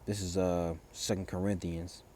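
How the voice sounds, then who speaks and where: A man preaching in an informal style, reading scripture and news aloud and then explaining it in loose, halting speech full of fillers and restarts. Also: sits low, little pitch movement, warm tone, slight background noise. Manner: reads verses aloud, then explains them.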